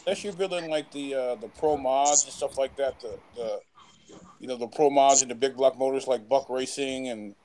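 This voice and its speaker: A man's voice: mid-range voice, normal speed, warm tone, rough recording. A man in casual late-night chat on a remote call, rambling with lots of fillers and loose swearing. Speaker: panel guest.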